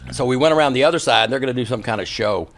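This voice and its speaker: A man's voice: medium pitch, very fast, gravelly, slight background noise. A man, a podcast guest telling long stories in a casual way and acting out the people in them. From Texas. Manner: lively raconteur acting out quoted people. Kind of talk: casual storytelling.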